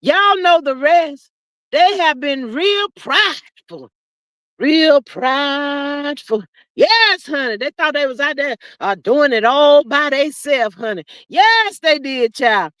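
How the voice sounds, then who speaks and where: Woman, livestream host, high voice, sassy, drawling, preachy asides, dry close sound. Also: sing-song, unhurried, fairly bright tone, no room sound. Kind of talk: casual livestream commentary.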